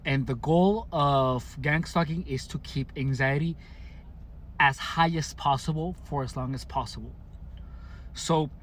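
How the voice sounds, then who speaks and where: A man's voice: fairly high pitch, a little hiss or hum. A man from Mexicali speaking casually to camera, recounting his own experiences with frequent restarts and careful enunciation. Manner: halting, many restarts and fillers, deliberate enunciation. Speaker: vlogger. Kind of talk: casual personal account to camera.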